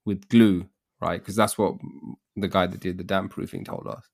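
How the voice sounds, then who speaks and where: A man's voice: low voice, fairly quick, creaky. A man co-hosting a podcast, telling a story in casual slangy chat and acting out the people in it. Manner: animated storytelling, slangy, acts out quotes. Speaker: podcast co-host.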